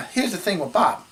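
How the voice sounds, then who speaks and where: Rambling male movie-show host, throat-clearing. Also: sits high, pushed and bright. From Florida. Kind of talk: casual chat.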